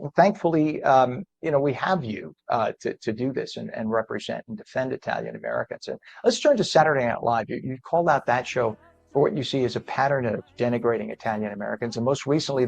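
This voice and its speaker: A man hosting a morning TV show, interviewing a guest in a conversational broadcast manner that grows animated when he makes a point. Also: medium pitch, vocal fry, dry recording.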